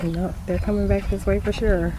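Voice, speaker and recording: A woman telling a rambling, animated story on her porch, laughing and cursing as she goes. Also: mid-range voice, noisy background. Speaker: vlogger. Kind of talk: rambling casual monologue.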